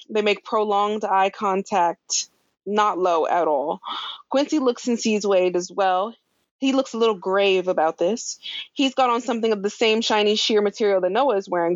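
A woman's voice: mid-range voice, dry recording. A laid-back woman recaps a TV episode in casual podcast chat. She swears offhandedly and laughs often. The recording is dry and a little dull. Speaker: podcast co-host recapping a show.

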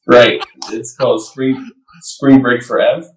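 A man's voice: medium pitch, flat delivery, unhurried, a crowd in the background. A man guesting on a casual chat, talking in a loose, slangy way over a built-in mic. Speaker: guest musician. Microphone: built-in laptop or phone mic, no headset. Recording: roomy sound from far off the mic.

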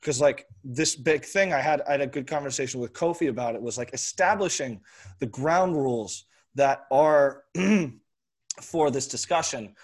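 A man in casual conversation, earnestly explaining his point through a long analogy and often clearing his throat. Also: mid-range voice, moderate pace.

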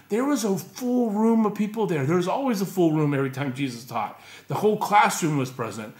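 A male pastor preaches in a lively, conversational way, with frequent rhetorical questions. His voice sits a bit high for a man. The recording is echoey, as in a church room. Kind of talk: sermon.

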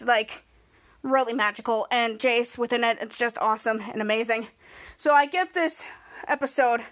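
A woman hosting a podcast, recapping an episode in a gushing, excitable way with lots of fillers. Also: fairly high pitch. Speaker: podcast host. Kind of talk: casual recap.

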